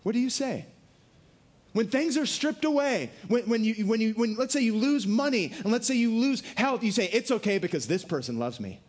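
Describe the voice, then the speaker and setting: High-pitched guy preaching, animated, acts out the quotes, goes quiet and low on the big lines. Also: normal speed. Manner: animated, dropping low for emphasis, acting out quotes. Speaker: pastor. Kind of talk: sermon.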